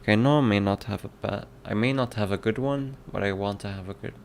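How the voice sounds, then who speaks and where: A man's voice: on the low side, fast talker, creaky, a little hiss or hum. A man streaming his game development work, chatting casually with viewers, musing aloud and reading their comments. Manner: musing, reads chat aloud, toys with mock accents. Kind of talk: casual livestream chat, thinking aloud.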